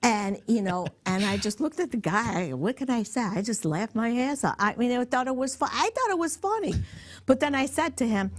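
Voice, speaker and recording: A middle-aged woman, a podcast guest, telling a story in a casual, animated way, laughing and swearing freely. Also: a little high, normal speed.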